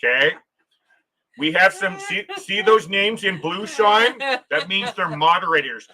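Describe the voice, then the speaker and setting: A man's voice: high voice, animated, a little slow, sharp tone, poor audio. A man hosting a casual travel livestream, reading viewer comments aloud, chatting and laughing often, restarting his sentences. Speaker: livestream host.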